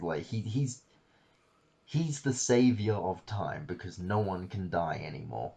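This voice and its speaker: A man's voice: low voice, a little slow, vocal fry, mellow, husky. A man hosting a podcast, casually retelling a story in a rambling way with fillers and the odd swear word. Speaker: podcast host.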